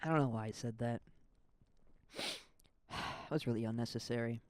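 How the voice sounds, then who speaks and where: A man's voice: medium pitch, steady tone, moderate pace, no room sound. A young man from the American Midwest hosting a casual solo podcast, rambling and self-deprecating with lots of fillers. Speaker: podcast host.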